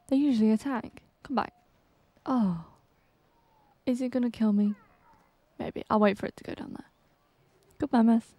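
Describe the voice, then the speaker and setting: Excitable young woman, slow gameplay chatter. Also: a little high, no echo. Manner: excitable, jumpy, frequent exclamations and gasps. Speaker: gaming channel host. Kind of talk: casual gameplay commentary.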